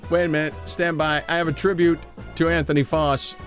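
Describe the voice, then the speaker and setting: Soft background music plays as this American man hosts a jokey morning radio chat, reading out the day's history in silly voices. His voice is fairly high and fairly bright, level in tone and brisk.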